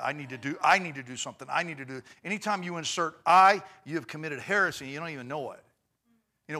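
Excitable man with a bright voice. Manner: excitable, mimics preachers in high voices. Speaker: host of a faith talk show. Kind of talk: animated preaching commentary.

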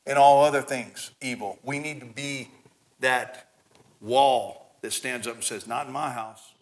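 A man preaching a sermon, animated and climbing toward near shouting at high points, with many repeated and restarted words. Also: unhurried. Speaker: pastor.

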